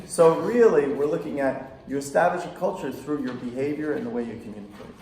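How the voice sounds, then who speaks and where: Gravelly-voiced man telling stories to parents. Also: mid-range voice, brisk. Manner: anecdotal, animated storytelling with acted-out quotes and laughter. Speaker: psychotherapist leading a parent workshop. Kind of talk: casual workshop talk to parents. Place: school room with audience. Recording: echoey room recording.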